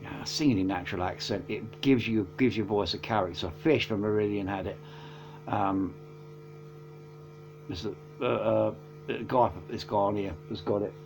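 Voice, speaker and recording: A man's voice: lowish voice, normal speed, creaky, darkish tone, a little hiss or hum. Rambling man reviewing albums. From England. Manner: rambling, hesitant with many fillers and self-corrections. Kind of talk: casual chat.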